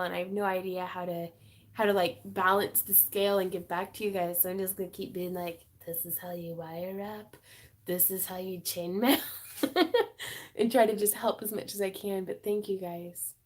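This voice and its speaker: She speaks at a moderate pace in a steady, mid-range voice. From her home craft room, she runs a relaxed livestream tutorial on wire wrapping, laughing and talking with her viewers as she goes.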